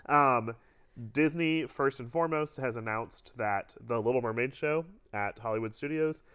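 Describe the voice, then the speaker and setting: A man's voice: mid-range voice, moderate pace, fairly bright tone, smooth. A man hosting a podcast in casual chat, reading out park news with a chatty, self-teasing manner. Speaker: podcast host.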